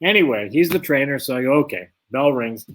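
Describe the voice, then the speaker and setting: A guest who used to box shares a long story from the ring, taking on both roles in the conversations he describes. His mid-range voice runs a little fast, and the telling is animated throughout.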